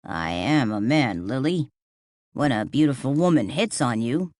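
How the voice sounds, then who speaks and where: A woman's voice: a bass voice, expressive, a little slow, darkish tone, dry recording, voice pushed down. A woman voicing a laid-back man with dry humor in an audiobook. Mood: wry. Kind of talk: audiobook character voice.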